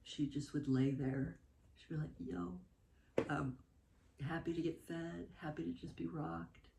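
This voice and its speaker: A mother telling animated stories about her children in a casual interview, laughing often. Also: deep voice, normal speed, vocal fry, heavy background noise. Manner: animated, laughing, with fillers and asides. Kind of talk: casual spoken storytelling.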